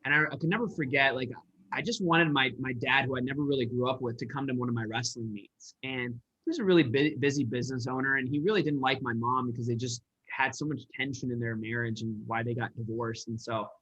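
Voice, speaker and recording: Bright, husky man telling his story. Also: mid-range voice, fast talker. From Michigan, USA. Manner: earnest, rambling with many restarts. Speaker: guest, entrepreneur and sales coach. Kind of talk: personal storytelling in a podcast interview. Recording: dull lo-fi audio.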